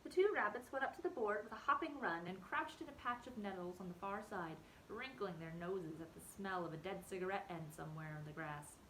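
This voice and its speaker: A woman teacher reading a novel aloud to her class in an expressive storytelling manner. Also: mid-range voice, brisk, hardly any pauses, slight background noise, low-quality recording.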